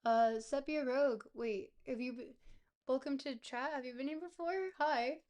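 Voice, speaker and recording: Woman, streamer, hoarse, gravelly smoker-like rasp from a cold, chatty, thinking aloud, close mic. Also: sits high, moderate pace, a little mellow. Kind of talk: casual live-stream gameplay commentary. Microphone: close desk mic.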